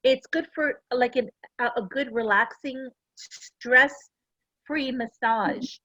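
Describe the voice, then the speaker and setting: A middle-aged woman talking to a class in a chatty, earnest way, sharing personal stories. Her voice sits a little high. The sound is close and dry, slightly dull and lo-fi. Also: slow, sharp tone, dry recording. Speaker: essential oils presenter. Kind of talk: casual product talk to a class.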